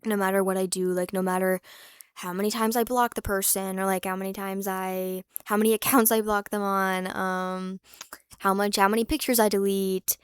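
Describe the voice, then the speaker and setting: A woman's voice: mid-range voice, level tone, normal speed, smooth, no echo, studio quality. A young woman vlogging in casual chat, rambling and candid, with lots of fillers and restarts, swearing freely and sometimes dropping to a whisper for asides.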